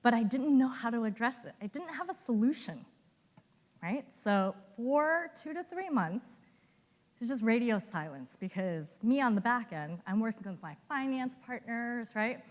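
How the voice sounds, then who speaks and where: A woman giving a conference talk as an animated storyteller who acts out the voices of colleagues she quotes. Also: fairly high pitch, moderate pace, big-room sound. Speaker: conference speaker. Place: hotel conference ballroom.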